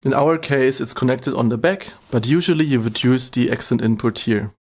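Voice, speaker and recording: A man's voice: medium pitch, moderate pace, very noisy. A man narrating an instructional demo, walking through each step in a plain, methodical way. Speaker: product demonstrator.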